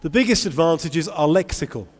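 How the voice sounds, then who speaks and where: A man giving a lively conference talk to English teachers, asking the audience many questions. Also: on the high side, a little fast. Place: large convention hall. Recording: long hall reverb.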